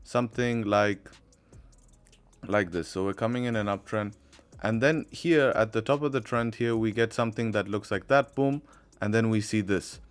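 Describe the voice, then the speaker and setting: A man's voice: fairly low pitch, normal speed, clear, resonant tone. A young man hosting his own channel, explaining trading charts in a loose, chatty way with frequent fillers. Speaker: trading educator and channel host. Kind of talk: casual trading tutorial.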